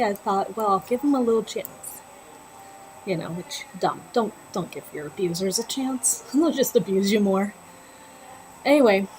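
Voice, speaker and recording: A woman hosting a knitting livestream chats and laughs often while telling a personal story as she knits. Her voice is medium-pitched, and the audio quality is poor.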